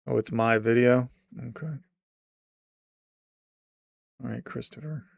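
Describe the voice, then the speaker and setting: Gravelly-voiced man rambling on stream. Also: medium pitch, steady tone, slow, dry recording, studio quality. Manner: rambling, restarts, trails off into quiet mumbles. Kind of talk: casual livestream chat.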